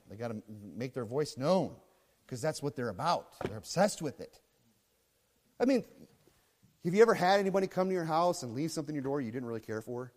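A man preaching a sermon as pastor, swinging between low muttering and loud shouting. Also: big-room sound, a little hiss or hum.

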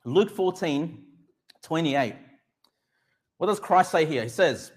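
A middle-aged pastor preaching a sermon. He is emphatic, asks the congregation questions and answers them himself, and slows right down to stress Bible verses. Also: on the high side, expressive. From Australia.

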